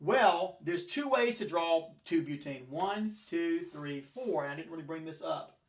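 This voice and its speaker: A man with a somewhat high voice gives a chemistry lesson at the chalkboard. He rambles and corrects himself as he goes, talking through his drawings and models in a loose, unscripted way. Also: animated, unhurried. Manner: rambling, self-correcting, talks while building models. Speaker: chemistry teacher. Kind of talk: classroom lecture with chalkboard and models.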